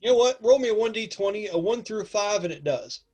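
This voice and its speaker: A man acting as game master, narrating a tabletop game with lively asides and counting out distances aloud to his players. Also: high-pitched, brisk, soft background music.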